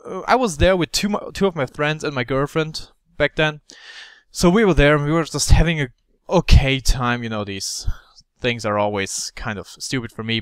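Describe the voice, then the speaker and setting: A young man in his twenties telling a rambling, animated story over gameplay, with many fillers. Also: a little high, clean tone, no echo. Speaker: gaming commentator.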